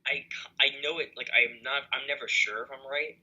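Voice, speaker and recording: A young man chats loosely on a podcast over a video call, rambling through fillers and restarts. His voice is very bright and a little husky, and the call audio sounds dull and lo-fi. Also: mid-range voice, moderate pace. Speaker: podcast co-host. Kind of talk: casual chat.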